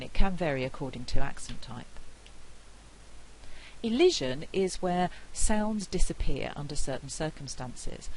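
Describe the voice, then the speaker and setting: A middle-aged woman with a British accent giving a university lecture, explaining clearly and saying example words aloud. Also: deep voice, a little mellow, a little hiss or hum, poor audio. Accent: British English. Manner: clear, measured explanation with spoken pronunciation examples. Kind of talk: recorded phonetics lecture.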